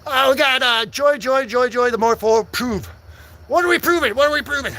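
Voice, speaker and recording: A man's voice: very high-pitched, normal speed, slight background noise. A young man hosting a live stream, chatting goofily with viewers and rambling between silly bits. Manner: silly, rambling, breaks into loud singing. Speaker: livestream host. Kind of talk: goofy live chat with viewers, bursts of singing.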